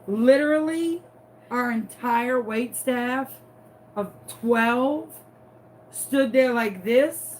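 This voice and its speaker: Southern woman, higher voice, unhurried and animated, chatty crafting vlogger. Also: slight background noise. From New Orleans, US. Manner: animated, playful, dramatic storyteller. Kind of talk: chatty storytelling while crafting.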